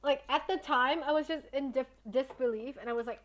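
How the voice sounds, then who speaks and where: A woman's voice: sits high, brisk, fairly bright tone. A young woman streamer chatting casually with her viewers, telling a story in a blunt, indignant way and swearing often.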